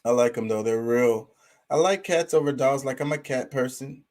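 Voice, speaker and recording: A man's voice: mid-range voice, normal speed, darkish tone. A man talking casually and profanely about pets, rambling with lots of fillers. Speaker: streamer. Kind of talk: casual opinion talk.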